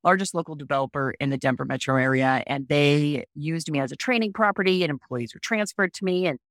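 Frank, expressive woman telling stories. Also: sits low, brisk, dry recording, clean studio sound. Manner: expressive, frank, acts out quoted voices. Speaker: podcast guest. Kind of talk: candid podcast storytelling.

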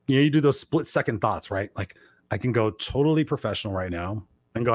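A middle-aged man co-hosting a casual talk show, telling a story in an animated, profane way and loudly acting out quotes. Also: medium pitch, fast. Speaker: co-host.

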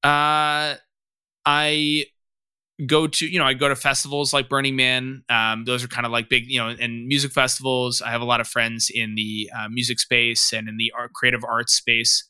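A man's voice: medium pitch, flat delivery, normal speed, bright, forceful tone, clean tone, no room sound. A young adult man, a startup founder, talking openly on a podcast and padding his sentences with "you know.". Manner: rambling, frequent "you know" fillers; open, candid. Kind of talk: casual podcast interview.

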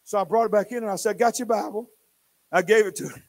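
An older male pastor with a notably high voice preaches in church. He tells stories animatedly, dropping to a near whisper, then booming out. His delivery is expressive and conversational. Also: racing. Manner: animated, swinging from hushed to loud. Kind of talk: sermon storytelling.

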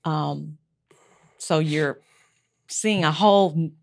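A woman's voice: low-pitched, takes it slowly, vocal fry, no echo. A woman hosting a radio talk show, prompting her guest with encouraging questions and announcing breaks.

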